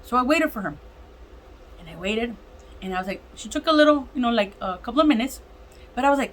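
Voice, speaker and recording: A woman with a fairly high voice shares a personal testimony in a casual, emotional way. She gets animated as she acts out the lines of the people in her story. Faint noise sits behind her voice. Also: fast talker, pauses often, rough recording. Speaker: vlogger sharing a testimony.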